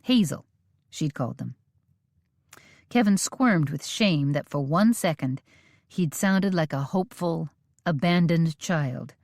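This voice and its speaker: Low, slow woman narrating a novel. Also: animated, darkish tone, dry recording, studio quality. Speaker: audiobook narrator. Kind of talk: scripted audiobook narration.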